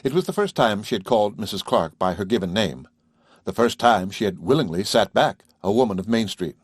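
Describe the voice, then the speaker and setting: A man narrating an audiobook of a classic novel in a measured, clear way. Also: on the low side, animated, dry recording, studio quality.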